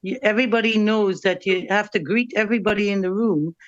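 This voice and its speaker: A woman's voice: mid-range voice, brisk, highs cut off. A woman with a Caribbean accent, chatting and telling stories as a guest on a video call. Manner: chatty, storytelling, laughs often. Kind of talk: casual group chat.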